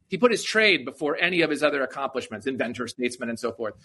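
A man's voice: medium pitch, fast talker, hardly any pauses, sharp tone, husky. A man being interviewed as an author on a podcast, explaining eagerly and often tagging "right?" onto his points. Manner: enthusiastic, explanatory, frequent "right?" asides. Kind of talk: conversational interview.

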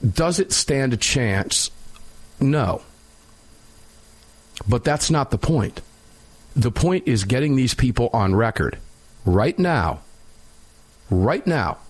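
A man hosting a talk radio show, opinionated and sarcastic, chatting casually with a co-host. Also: medium pitch. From United States. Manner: opinionated, sarcastic, laughs while mocking.

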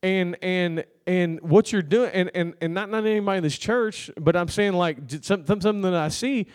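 A man's voice: sits high, normal speed, clean tone. A man preaching a sermon, telling a story in a loose, conversational way and calling out to the congregation for an amen. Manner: conversational storytelling with laughs and crowd call-outs. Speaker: pastor.

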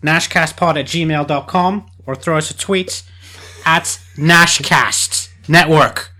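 A man's voice: on the high side, takes it slowly, sharp tone. A man co-hosting a podcast, announcing the sign-off in a matter-of-fact way. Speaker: podcast co-host.

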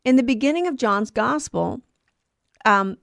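Woman podcast co-host, higher voice, chatty and self-correcting teaching style, dry close mic. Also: lively intonation, a little slow, vocal fry, a bit bright, dry recording. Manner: explanatory, digressive, self-correcting. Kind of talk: casual catechetical chat.

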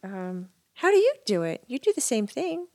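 A woman's voice: a little high, very animated, moderate pace, mellow. Giggly woman telling a story. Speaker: podcast co-host, medium. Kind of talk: casual chat, storytelling.

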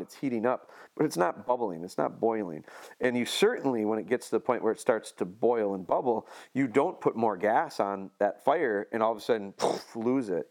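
A man's voice: medium pitch, a little mellow. A man casually explaining dog training on a podcast, leaning on homespun analogies and restarting his sentences often.

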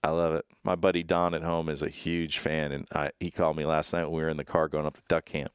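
A man's voice: a bass voice, level tone, quick pace, smooth, no echo, studio quality. A man hosting a casual interview, telling a rambling story with lots of restarts. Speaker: podcast host.

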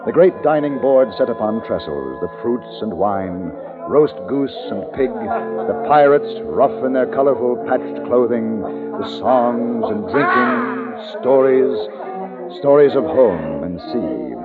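A grown man recalls his story with a lively, rising and falling cadence. He speaks as if looking back on long-gone days. Thin old radio sound with a loud music score under him. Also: mid-range voice, slow, phone-quality sound. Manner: wistful, remembering storytelling. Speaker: narrator. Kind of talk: reflective radio-drama narration.

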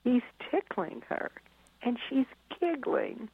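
A middle-aged woman who writes books and is a parenting expert tells stories in conversation, animatedly acting out scenes and laughing a lot. Her fairly high, breathy-edged voice swings widely in pitch as she takes it slowly, heard on a dry, tinny, phone-like line.

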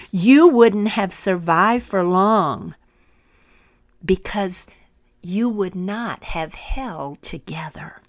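A woman voicing a gentle, patient potter. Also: medium pitch, no room sound, studio quality, natural voice. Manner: calm, measured, sometimes whispered. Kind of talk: storytelling parable.

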